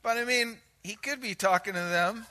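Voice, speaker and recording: A man preaching a sermon, moving between hushed asides and loud acted-out quotes from scripture. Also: high voice, normal speed. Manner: animated, shifts between hushed and shouted quotes. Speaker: pastor.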